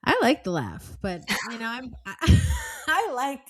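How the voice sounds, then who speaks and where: Woman, 30s, podcast co-host; very animated pitch, emphatic, laughs a lot. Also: a little slow. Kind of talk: casual chat.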